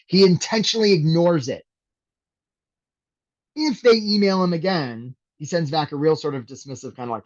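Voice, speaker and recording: A man's voice: fairly high pitch, brisk. Upbeat male career coach, muffled audio. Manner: energetic, conversational, keeps asking "right?". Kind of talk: live webinar teaching.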